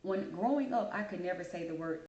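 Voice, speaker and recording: Low-voiced woman chatting to camera. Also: brisk, dull audio. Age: adult. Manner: chatty, animated storytelling. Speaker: channel host. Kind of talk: casual talk to camera. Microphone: camera mic. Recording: roomy echo.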